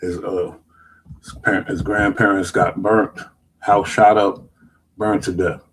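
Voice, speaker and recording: A man's voice: sits low, flat delivery, a little slow, slightly rough, rough recording. A man hosting a show, reacting to clips in loose slang and rambling, casual commentary. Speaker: show host.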